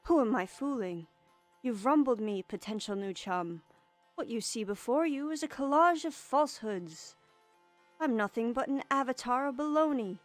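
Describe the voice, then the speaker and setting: A woman's voice: fairly high pitch, lively intonation, moderate pace, soft background music, voice pushed up, lightly acted. Woman doing a pompous young troll boy. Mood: theatrical. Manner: pompous, flowery old-fashioned phrasing. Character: grandiloquent young male troll, eager, theatrical. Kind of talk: reading game dialogue aloud in character.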